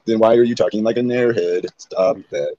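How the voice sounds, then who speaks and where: A man's voice: on the low side, moderate pace, mellow, highs cut off. A man hosting a livestream, questioning his guest bluntly in casual chat. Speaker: livestream host.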